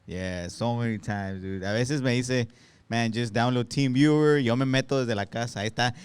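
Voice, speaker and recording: A man's voice: medium pitch, brisk, clear, resonant tone. A man bantering loosely on a podcast, swearing freely and dropping Spanish words into his English.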